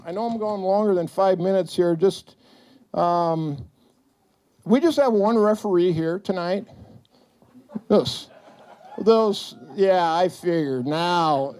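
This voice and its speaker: A middle-aged man tells funny stories to an audience at a retirement celebration in an event hall, playing the parts of the people he quotes. His voice sits high, with a darkish, clean tone.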